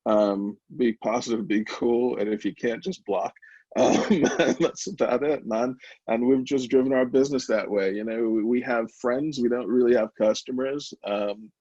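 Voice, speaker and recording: Speaking at normal speed with a medium-pitched, dark-toned voice, this man is the founder of a small brownie company and a guest in an interview. He talks openly and emotionally, restarting often and using many fillers, in a dry, dull-sounding recording.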